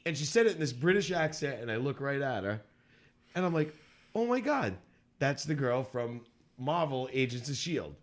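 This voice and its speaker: A man's voice: mid-range voice, expressive, normal speed. A man co-hosting a podcast, telling a story in casual chat, laughing often and acting out quotes in a raised voice. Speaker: podcast co-host.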